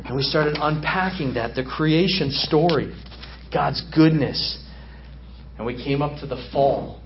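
Animated male missionary preaching, echoey hall. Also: fairly high pitch, a little slow, slight background noise. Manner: animated, acts out dialogue. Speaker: missionary guest speaker. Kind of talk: storytelling sermon. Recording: echoey hall from far off, dull.

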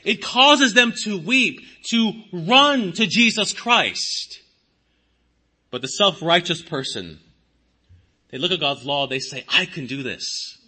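A pastor delivering a sermon in a high, piercingly bright voice with a husky edge. He preaches with emphatic swings of pitch and loudness, slipping into the voices of the people he describes. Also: lively intonation, takes it slowly. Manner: preaching with dramatic shifts in pitch and volume, voicing imagined speakers.

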